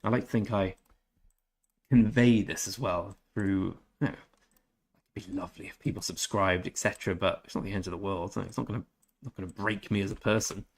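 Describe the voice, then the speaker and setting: A man's voice: fairly low pitch, fairly even intonation. A man streaming a game, chatting casually with viewers, reading out their messages and stumbling through German phrases. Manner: chatty, reads out and answers viewer chat, halting German attempts. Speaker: gaming streamer. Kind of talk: casual live-stream chat.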